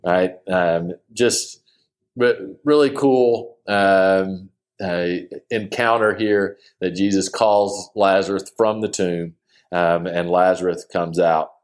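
A Bible teacher with a somewhat low voice works through a scripture passage in casual study-style commentary, like an informal group leader. He's loose and conversational, thinking aloud with frequent "uh"s and restarted sentences, and earnestly enthusiastic about the text.

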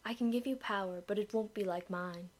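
A woman's voice: mid-range voice, fairly quick, close to an everyday voice. A woman voicing a small, mischievous female ice creature who speaks in a teasing, coaxing, often whispered voice. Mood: sly.

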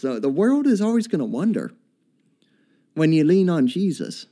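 Male preacher, mid-high voice, mellow tone, earnest repetitive delivery with fillers. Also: very animated, normal speed, pauses often. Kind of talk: sermon.

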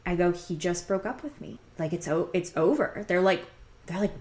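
Low-voiced young woman, rambling and candid. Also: a little fast. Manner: rambling, filler-heavy, candid. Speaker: podcast host telling her own story. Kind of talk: casual confessional storytelling.

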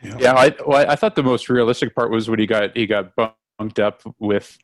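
Low-voiced man in halting chat. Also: no room sound. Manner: halting, many restarts. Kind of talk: casual book discussion.

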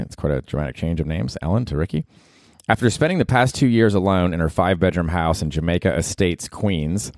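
A man's voice: deep voice, darkish tone, no echo, clean studio sound. A man hosting a podcast in a loose, rambling comedic monologue, swearing freely and slipping into mocking voices for people he quotes. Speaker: podcast host.

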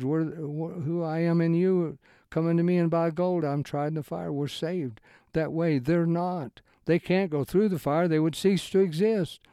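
Mellow-voiced man teaching scripture informally. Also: clear, resonant tone, dry recording, studio quality. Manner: rambling, with broken sentences and restarts; swings into emphatic raised-pitch lines. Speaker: Bible teacher. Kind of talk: informal Bible study talk.

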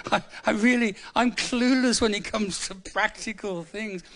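A man's voice: sits high, fairly bright tone. A seventy-five-year-old man from England giving a humorous, conversational sermon in church, repeating words for emphasis. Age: 70s. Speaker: preacher.

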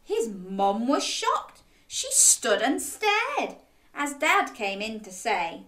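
A woman reading a picture book aloud to children in an animated, interactive way, asking them to join in. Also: a little high, slow pace, echoey room. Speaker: children's storyteller.

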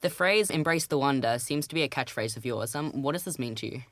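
Teen aussie girl asking an author stuff, low voice, kinda hesitant, dry close mic. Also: expressive, fast, dry recording. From Australia. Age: teenager. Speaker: student interviewer. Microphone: studio microphone.

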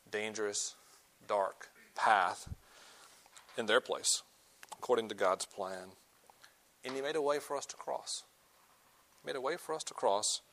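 Earnest young man preaching a sermon. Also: mid-range voice. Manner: earnest, swings from loud emphasis to soft, slow pleading. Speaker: campus ministry speaker.

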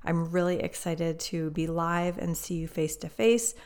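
Slightly slow and darkish in tone, this woman's lowish voice carries a solo financial coaching podcast. She chats in an upbeat way, sounds a little out of breath, and leans on "right?" a lot.

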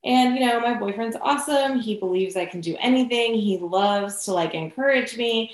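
A woman's voice: medium pitch, normal speed. Chatty woman in an echoey room. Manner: chatty, lots of "like" and "you know". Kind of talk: casual storytelling.

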